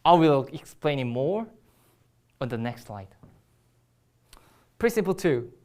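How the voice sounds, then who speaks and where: Korean-accented woman explaining grammar, low voice but really lively ups and downs, lots of ums. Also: takes it slowly. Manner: explains step by step with frequent ums and restarts. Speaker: Korean language teacher. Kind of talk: recorded grammar lesson.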